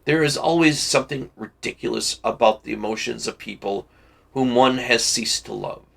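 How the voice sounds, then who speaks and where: A man reading a classic novel aloud for a book club, measured and deliberate with occasional slips. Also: mid-range voice, vocal fry, fairly bright tone, breathy edge.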